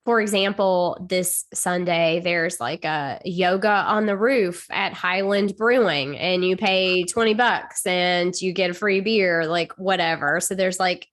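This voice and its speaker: A woman's voice: on the low side, measured pace, hardly any pauses, fairly bright tone. A woman podcast co-host in her thirties, chatting casually and laughing often with short supportive replies. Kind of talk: casual chat.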